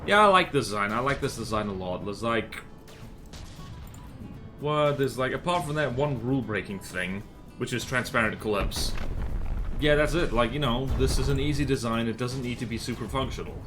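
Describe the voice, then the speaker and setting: A man's voice: mid-range voice, lively intonation, moderate pace, music in the background. Rambling man streaming a game. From American South. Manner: rambling, many fillers and self-corrections. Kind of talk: casual live-stream gameplay commentary.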